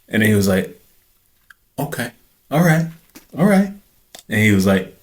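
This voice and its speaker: A man's voice: medium pitch, animated, moderate pace, vocal fry, pauses often, fairly bright tone. A young man hosting a podcast, telling a story casually and acting out other people's lines in a raised voice. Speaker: podcast host.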